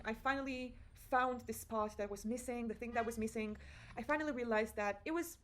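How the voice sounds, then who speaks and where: A woman's voice: fairly high pitch, low-quality recording. Candid young woman telling a story. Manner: candid, emotional storytelling with frequent swearing and fillers. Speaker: vlogger. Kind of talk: casual confessional vlog.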